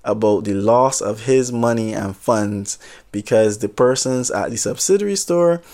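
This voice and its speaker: A man's voice: on the low side, measured pace. Chatty man telling a story. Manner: chatty, animated, with asides and laughs. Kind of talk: casual storytime monologue.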